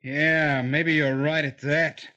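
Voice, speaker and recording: An actor playing a stern, weary older brother in a 1950s radio drama, scolding and blunt. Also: male voice, on the high side, level tone, slow pace, bright, forceful tone, highs cut off. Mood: grim.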